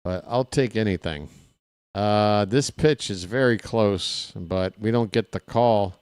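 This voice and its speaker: A man doing casual live play-by-play of a ballgame, chatting straight to his viewers between pitches with candid, self-deprecating asides. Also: slow, darkish tone, clear, resonant tone, no room sound. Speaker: play-by-play commentator.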